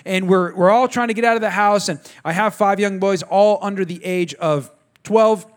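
This is a man in his thirties with a light, high-pitched voice, preaching a sermon. He talks in an easy, conversational way, mixing family stories with direct asides to the congregation. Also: normal speed. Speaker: pastor.

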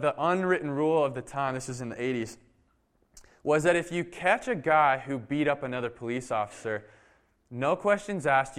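A man's voice: mid-range voice, smooth. Guy preaching a sermon, casual and chatty, lots of "like", acts out the people in his story. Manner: animated storytelling, acts out quoted dialogue; casual, frequent "like". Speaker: pastor.

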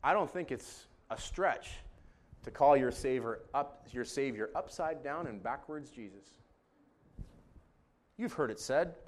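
A male pastor preaching a sermon to his congregation, dramatic and shifting between hushed, quiet stretches and loud, shouted passages. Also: mid-range voice, animated, measured pace, pauses often.

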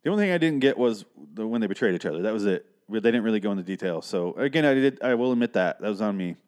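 A man's voice: on the low side, lively intonation, rapid-fire, darkish tone. A man in his thirties casually recapping a film, sarcastic and exasperated, swearing freely. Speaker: film reviewer.

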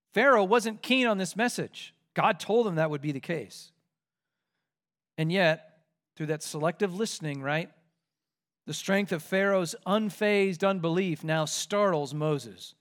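A man preaching an expository sermon in an animated, conversational way as pastor. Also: high voice.

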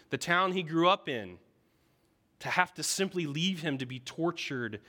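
A man preaching a sermon, telling the story vividly and often checking in with the listeners with a quick "right?". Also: fairly high pitch, bright, forceful tone.

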